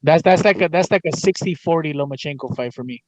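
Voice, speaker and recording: A man's voice: a little high, quick pace, a loud crowd. A man co-hosting a boxing chat on a video call, talking casually and restarting his sentences as he hesitates. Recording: dull lo-fi call audio.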